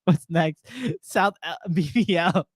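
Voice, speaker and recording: A man's voice: on the high side, steady tone, slow pace, no echo. A young man co-hosting a casual sports podcast, laughing a lot and reading viewer comments aloud. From Portuguese family. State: frog in his throat. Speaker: podcast co-host.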